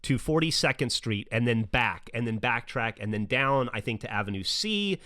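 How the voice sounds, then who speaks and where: A man's voice: mid-range voice, normal speed. A man in his forties, a podcast host, telling a long story in casual, profane chat and acting out the voices of the people in it. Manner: animated, profane storyteller who acts out his daughter's lines.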